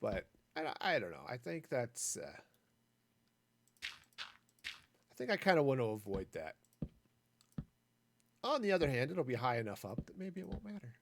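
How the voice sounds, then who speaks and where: A man's voice: mid-range voice, very animated, unhurried, gravelly, pauses often. A man streaming a building game, talking through his plans in a rambling way with jokey asides. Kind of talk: casual gameplay commentary.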